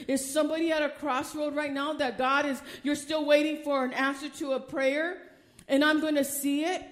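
An older woman with a high voice preaches fervently. Reading from scripture, she trips over a few words, laughs frequently, and stresses her points forcefully.

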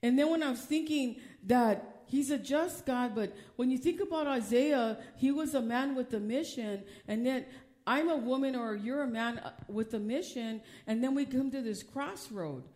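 A woman's voice: high voice, moderate pace, darkish tone. A woman pastor preaching a sermon from the pulpit, emphatic and often asking the congregation questions.

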